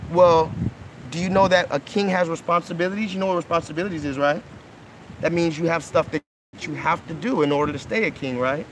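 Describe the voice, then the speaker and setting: With slight background noise, a high-pitched man in his thirties hosts a casual live stream for kids, speaking into a phone outside by a pool. His tone is earnest and coaxing, and he keeps checking in with "okay?" and "right?".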